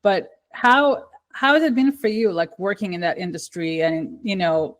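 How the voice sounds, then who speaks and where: A woman hosting a podcast, asking questions in a casual, soft-spoken and slightly hesitant manner. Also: medium pitch, animated, normal speed. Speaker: podcast host. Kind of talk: conversational interview.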